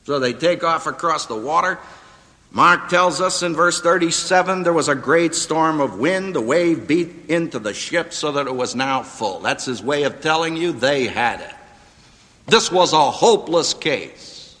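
Animated preaching man in a hall. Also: a little high, measured pace. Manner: animated, dramatic emphasis, rising to near-shouts on quotes. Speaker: preacher and seminary professor. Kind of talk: sermon. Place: auditorium before a live audience. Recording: hall reverb, radio broadcast.

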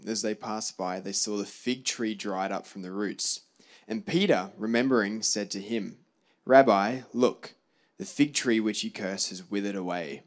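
A man reading scripture aloud at a steady pace during a sermon. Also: on the low side. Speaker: congregation member reading scripture.

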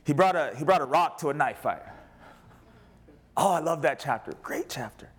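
A man preaching as a pastor, animated, rising to loud cries and dropping to quiet asides. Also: fairly high pitch, normal speed, husky. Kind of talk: sermon.

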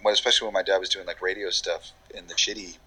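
A man's voice: low voice, fairly even intonation, fast talker, bright, forceful tone, slightly rough, rough recording. A man from New York, a voiceover actor, talking in a loose, rambling way with casual swearing in a podcast interview. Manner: rambling, many fillers and restarts, casual swearing.

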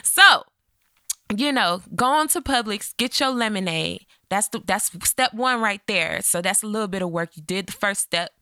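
A bright, forceful woman talking straight to her listeners in a casual podcast monologue. She is chatty and encouraging and keeps asking "okay?". The sound is dry and close. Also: mid-range voice, expressive, moderate pace, no echo. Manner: colloquial, addresses listeners as "sis" and "y'all". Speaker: podcast host.

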